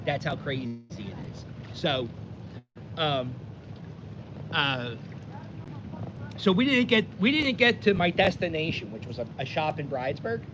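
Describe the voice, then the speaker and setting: A man tells a rambling, self-interrupting story, fairly high-pitched and very animated. He is recorded outdoors on a lo-fi mic that sounds dull. Clear wind and boat noise sits behind him. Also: measured pace, pauses often. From Philadelphia. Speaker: vlogger. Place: outdoors by the water, windy.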